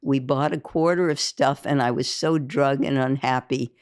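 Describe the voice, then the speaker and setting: A woman's voice: very deep voice, fairly even intonation, normal speed, a little mellow, clean tone, no room sound, clean studio sound. A woman reading a first-person memoir aloud, with an intense, emphatic delivery that rises for heated quoted speech. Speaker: audiobook reader.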